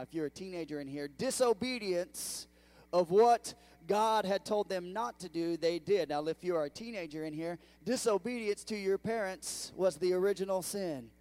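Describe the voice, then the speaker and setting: A fairly high-voiced man preaching in a church, his delivery lively and swinging from hushed asides to loud exclamations. He keeps calling out to the congregation as he goes. Now and then he drifts a little away from the mic. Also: moderate pace. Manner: animated preaching with audience call-outs. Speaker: pastor. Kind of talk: sermon. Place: church sanctuary.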